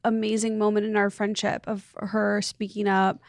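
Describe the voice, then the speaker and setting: A woman's voice: medium pitch, level tone, normal speed, gravelly, no room sound, studio quality. A woman in her thirties, a podcast guest, telling a personal story in a rambling, earnest way full of "like". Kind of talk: casual chat, personal storytelling.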